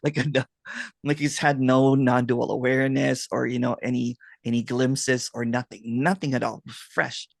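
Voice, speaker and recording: A man who works as a non-duality guide hosts a casual video-call chat, telling animated stories and laughing a lot. His voice is medium-pitched and creaky at a normal speed, recorded in studio quality with no echo.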